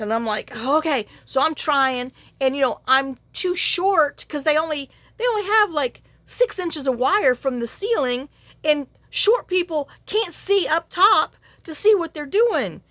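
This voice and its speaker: A middle-aged woman, telling a rambling, animated story in a casual vlog, acting out the quoted lines. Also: high voice, measured pace, dry recording. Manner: chatty, animated retelling with acted-out quotes and fillers. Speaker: journaling channel host.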